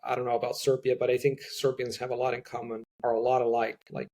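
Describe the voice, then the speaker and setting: Guy with a breathy husky voice, modest, hedges a lot, casual interview chat. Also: medium pitch, completely flat delivery, fast, darkish tone. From Italy. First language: Italian. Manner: thoughtful, hedging, self-deprecating. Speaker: guest, language learner.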